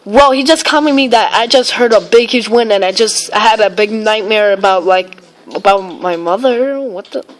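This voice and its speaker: A woman who vlogs about weather live-streams with a medium-pitched voice at a moderate pace. She rambles, uses plenty of filler, and exclaims often while reading viewer comments.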